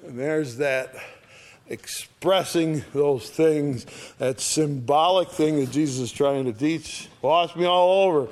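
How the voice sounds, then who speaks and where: Guy preaching a bible study, middle pitch, chatty, keeps asking "all right?". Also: a little mellow. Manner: conversational Bible teaching, reads scripture aloud; often checks in with "all right?". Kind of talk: sermon.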